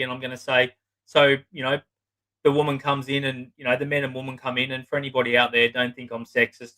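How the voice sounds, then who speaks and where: On a rough recording, a middle-aged psychotherapist guest tells client stories in a loose, casual interview. His bright, forceful voice sits at medium pitch, he swears freely and bluntly, and he often acts out what his clients said.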